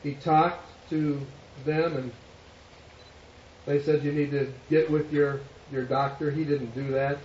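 Man, pastor, high voice, lively storytelling sermon, echoey hall, heard from a distance, dull sound. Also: slow, slight background noise. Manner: animated storyteller acting out quoted voices.

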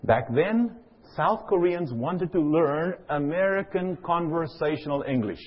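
A man's voice: a little high, animated, a little slow, slightly rough, dull audio. A middle-aged man from Africa, preaching a sermon and telling a personal story, often putting questions to the audience. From South Africa.

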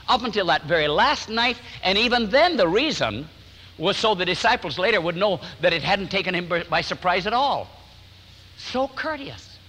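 A man's voice: sits high, in a large hall, low-quality recording. An older man preaching a sermon in a church sanctuary, telling stories and acting out what people said. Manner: warm storytelling, acts out quotes, chuckles often. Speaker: pastor.

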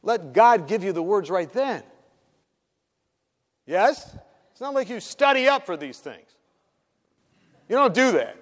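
A man's voice: sits high, unhurried, pauses often, long reverb tail. A man telling a story from his hospital work in a sermon, acting out the voices and dropping to whispers. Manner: animated, acts out voices, drops to whispers.

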